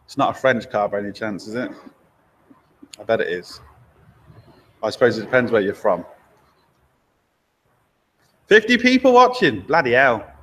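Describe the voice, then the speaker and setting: A man's voice: on the low side, sing-song, sharp tone. Man, live-stream chat, loose and chatty, garage workshop, camera mic. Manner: loose and chatty, with fillers and quick asides. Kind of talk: casual live-stream chat, reading out viewer comments. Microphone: laptop or camera mic held by a helper.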